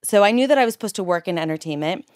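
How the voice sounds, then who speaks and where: A woman's voice: mid-range voice, expressive, racing, darkish tone, no echo, studio quality. A young adult woman from San Francisco, a PR company founder, chatting expressively and laughing easily. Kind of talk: casual chat.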